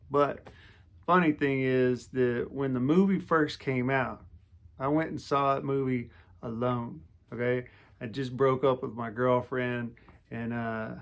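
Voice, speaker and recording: Man in his forties with a gravelly voice, talking to camera about his own life, rambling and lively. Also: mid-range voice. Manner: rambling, lively, full of restarts and fillers. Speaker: vlogger telling a personal story. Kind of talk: casual storytelling to camera.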